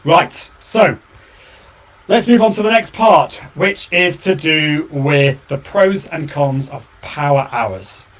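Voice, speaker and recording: A man's voice: fairly high pitch, animated, slow pace, a bit bright. A man hosting his own live show and podcast, talking casually and enthusiastically to his viewers, with frequent repeats and fillers. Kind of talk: solo casual chat to viewers.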